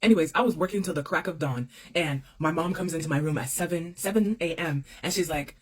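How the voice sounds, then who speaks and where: Young adult woman, casual storyteller, expressive, repeats lines for emphasis. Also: low-pitched, fairly quick, a little hiss or hum.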